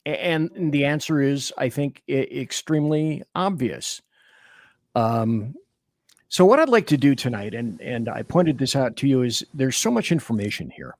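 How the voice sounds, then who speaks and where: A man hosting a talk radio interview, animated and rambling, often cutting himself off and restarting. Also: mid-range voice, measured pace, no room sound, clean studio sound. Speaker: radio show host.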